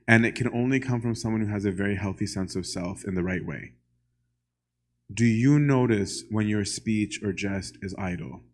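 Low-voiced man giving a church talk. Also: darkish tone. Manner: conversational, often asks "right?"; poses questions straight to the audience. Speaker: lecturer. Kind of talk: church lecture.

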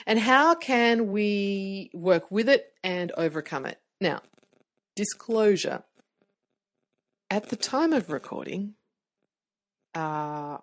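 A middle-aged woman hosting a podcast from her bedroom, chatting casually with lots of fillers and restarts. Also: mid-range voice. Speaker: podcast host. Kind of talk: casual solo podcast talk. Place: bedroom, seated on bed.

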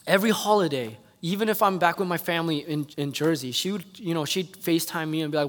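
A man's voice: fairly high pitch, fast, few pauses. A man preaching a sermon as pastor, telling a personal story in an earnest way and pressing his church with heartfelt appeals. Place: church sanctuary. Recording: long reverb of a hall.

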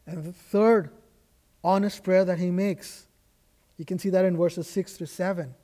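A man's voice: high-pitched, fairly even intonation, unhurried, warm tone. A man preaching a sermon as a guest pastor in a church, earnest and emphatic, with frequent restarts. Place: church sanctuary.

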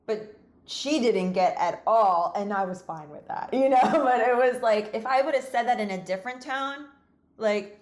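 Expressive woman hosting a chat. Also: a little high, moderate pace. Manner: expressive storyteller, laughs often. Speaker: podcast host. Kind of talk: casual conversation.

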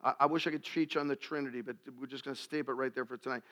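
A man preaching a sermon to a congregation, animated and jokey, acting out little scenes. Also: medium pitch, racing. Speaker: pastor.

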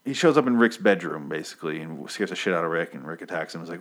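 A man's voice: low voice, animated, fairly quick. A young man casually recapping a TV episode off the cuff, rambling, swearing freely and losing track of names. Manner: rambling, profane, loses his place.

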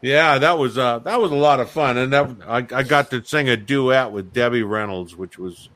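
A man's voice: mid-range voice, moderate pace. A man telling a casual anecdote, acting out the dialogue and laughing often. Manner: animated storyteller, acts out dialogue in voices, laughs often. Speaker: guest actor.

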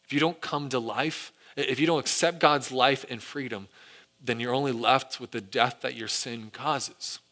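A male pastor preaching a sermon, retelling a story with animated delivery and acted quotes. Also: medium pitch, moderate pace.

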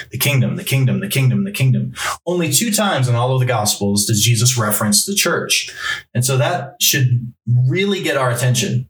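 A male pastor preaching a sermon, reading Bible passages aloud and driving points home through emphatic repetition. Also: mid-range voice. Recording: roomy echo, mic from a distance.

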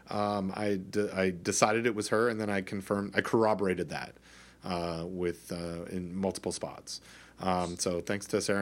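A middle-aged Canadian man co-hosting a podcast in casual chat, rambling with many restarts and fillers. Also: sits low. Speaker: podcast co-host.

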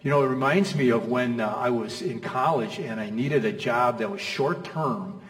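A man's voice: medium pitch, moderate pace. A middle-aged man preaching a sermon in an easygoing, chatty way, firing off rhetorical questions and checking in with the crowd. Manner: conversational, stacks rhetorical questions, checks in with "okay?" and "you know?". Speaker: pastor. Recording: echoey hall, mic from far off.

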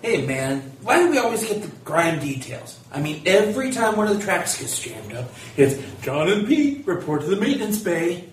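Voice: medium pitch, big pitch swings, moderate pace, few pauses, lightly acted. Performer doing a whiny bulky workman, complaining, swooping voice, echoey, distant. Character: short, bulky, grumbling male rail worker. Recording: echoey room from a distance with faint noise.

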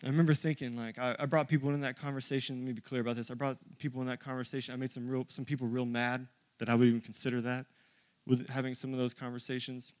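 A male pastor giving a sermon in a casual, confiding way, often saying "dude" and "like". He moves from quiet storytelling to loud, fervent preaching. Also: level tone, quick pace, no room sound. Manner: builds from quiet, low storytelling to loud, high-pitched preaching.

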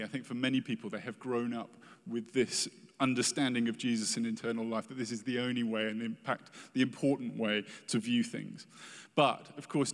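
Male preacher, mid-pitched, earnest and emphatic, recorded in a reverberant hall. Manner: earnest, emphatic, acts out quoted prayers. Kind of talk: sermon.

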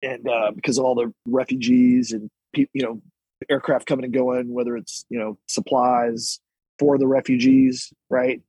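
A man's voice: mid-range voice, moderate pace, dark tone, husky, no room sound, poor audio. A man, a military service member, casually telling a long rambling anecdote as a podcast guest, with restarts and asides, laughing at his own story. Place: podcast recording.

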